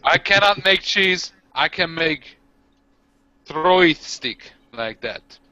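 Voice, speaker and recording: A man voicing a dim, brutish young male orc warrior in a tabletop game, talking in slow, broken caveman grammar. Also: a little high, expressive, bright, forceful tone, dull audio, pitched above the performer's own voice, exaggerated voice. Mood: proud.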